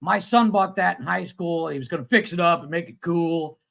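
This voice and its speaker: A man in his thirties co-hosting a casual livestream chat, telling a long story with lively acted-out quotes and plenty of swearing. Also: on the high side, moderate pace, gravelly, low-quality recording. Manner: animated storyteller, acts out quotes, swears freely. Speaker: podcast co-host.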